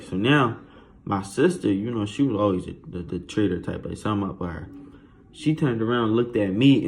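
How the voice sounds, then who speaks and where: A man spins a childhood story in a casual, slangy, animated flow. His voice sits somewhat low, and faint noise hangs in the background. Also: gravelly.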